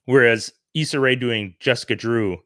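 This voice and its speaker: A man from Canada giving an earnest, animated opinion monologue, often restarting his sentences. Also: medium pitch, normal speed, no room sound, clean studio sound. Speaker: commentary vlogger.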